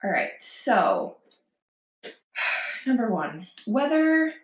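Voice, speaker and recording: A woman's voice: a little high, very animated, drawn-out words. A woman vlogging parenting advice, talking casually and reassuringly to camera and acting out worried quotes. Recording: echoey room.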